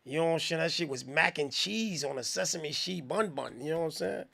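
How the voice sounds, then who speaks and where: A man hosting a live music review stream, talking in a slangy, profane, rambling way and giving shout-outs to viewers. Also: on the high side, fairly quick, creaky. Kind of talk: casual live-stream commentary.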